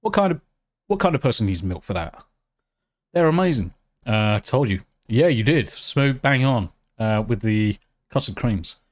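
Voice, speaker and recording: Excitable, swearing British man streaming. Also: mid-range voice, unhurried. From United Kingdom. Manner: excitable, swears freely, talks while eating. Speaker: live streamer. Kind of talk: casual live-stream chat, reading out chat.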